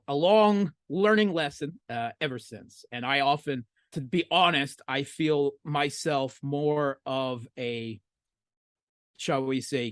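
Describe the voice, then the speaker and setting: A middle-aged American man answering interview questions from home, halting with many fillers and restarts, his tone often sardonic. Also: medium pitch, dry recording, studio quality. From United States. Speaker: podcast guest, analyst. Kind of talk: casual interview talk.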